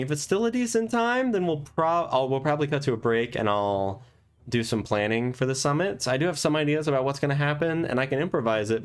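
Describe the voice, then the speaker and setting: A man's voice: medium pitch, clear, resonant tone. A man acting as game master, thinking aloud as he rambles through plans for a tabletop session. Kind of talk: casual planning monologue.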